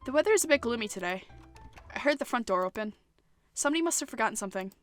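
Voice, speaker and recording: A young woman reads a visual novel aloud, breaking off to giggle, joke and curse at the characters. Her voice is bright and sits a little high. Faint music plays underneath. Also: expressive, very fast. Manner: giggly, swears and jokes between lines. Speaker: gaming channel host.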